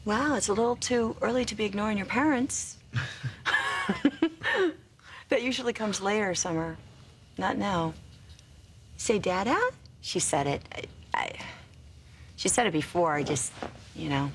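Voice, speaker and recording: A woman's voice: medium pitch, measured pace, pauses often, slight background noise, close to an everyday voice. An actress playing an emotional young mother who coos over her baby daughter in a TV drama. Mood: affectionate. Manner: cooing and tender, emotional. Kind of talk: TV drama acting.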